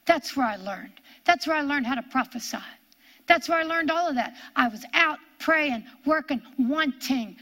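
A woman teaching the Bible in a sermon, dramatic and emphatic, asking rhetorical questions and dropping to hushed tones. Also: high voice, animated, moderate pace. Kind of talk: sermon, reading and expounding scripture.

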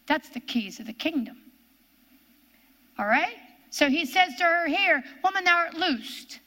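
A woman with an Ohio accent preaching a sermon, swinging between loud commands and low hushed tones.

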